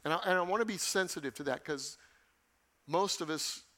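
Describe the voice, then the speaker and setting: Bright, high-voiced preaching man. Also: normal speed. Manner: emphatic preaching, repeats key phrases. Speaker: pastor. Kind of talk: sermon.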